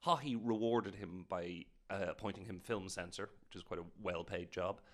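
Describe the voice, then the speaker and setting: A man's voice: deep voice, normal speed. An Irish man in a chat, hesitant and sardonic. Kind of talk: casual chat.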